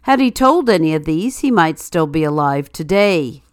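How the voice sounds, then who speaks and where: A woman's voice: low voice, lively intonation, normal speed, dry recording. A woman host reading news items and a string of jokes with a dry, wry delivery. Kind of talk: read-aloud segment with news, quotes and jokes.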